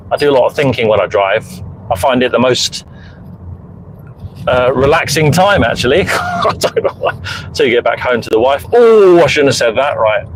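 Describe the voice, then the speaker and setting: A middle-aged man, medium in pitch, rambles through answers to viewers' messages during a casual live-stream chat while driving, though he's parked in a lay-by. A hands-free phone mounted in the car records him, and the poor audio has a little hiss or hum.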